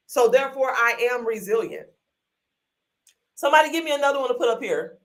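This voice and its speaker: A woman's voice: sits high, lively intonation, quick pace, distant mic, low-quality recording. A woman hosting a live online workshop, chatty and encouraging, full of y'all, calling viewers honey and sugar into a desk microphone. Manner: folksy, uses y'all often. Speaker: workshop host.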